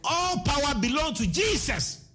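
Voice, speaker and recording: A man's voice: extremely high pitch, very animated, unhurried, sharp tone. A man with a Ghanaian accent preaching a sermon, switching between English and Twi, repeating his words and sometimes singing his phrases.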